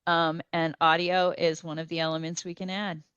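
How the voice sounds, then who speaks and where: A woman's voice: fairly low pitch, flat delivery, normal speed, a bit bright, clean tone, no echo, lo-fi sound. A woman speaking on a panel over a video call from home, hesitant with many ums and restarts. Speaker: panelist on a remote link. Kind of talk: panel discussion.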